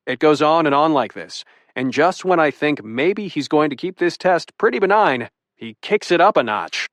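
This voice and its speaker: A man's voice: mid-range voice, expressive, normal speed, a bit bright, dry recording. A young man narrating a romantic comedy audiobook in first person, wry and self-deprecating. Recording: dry studio booth.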